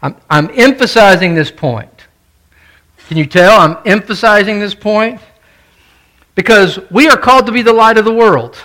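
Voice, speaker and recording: A man's voice: sits high, normal speed, sharp tone. A male pastor preaching a sermon, stressing and repeating his key points and putting questions to the congregation.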